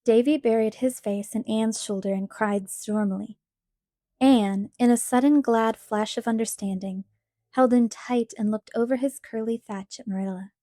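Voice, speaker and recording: Mellow woman reading an audiobook. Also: on the high side, dry recording, clean studio sound. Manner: measured, expressive storytelling. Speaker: audiobook narrator. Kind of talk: scripted narration.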